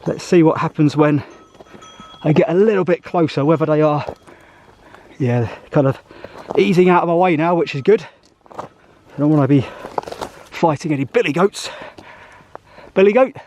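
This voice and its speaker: A young man with a high voice talks casually to his handheld camera as he hikes a mountain trail by a lake. He thinks aloud and sounds a little out of breath from the climb. Faint outdoor noise sits under his voice. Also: moderate pace, pauses often, darkish tone, lo-fi sound. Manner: chatty, thinking aloud while walking. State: slightly out of breath on a hike. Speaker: travel vlogger. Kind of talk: casual travel vlog narration.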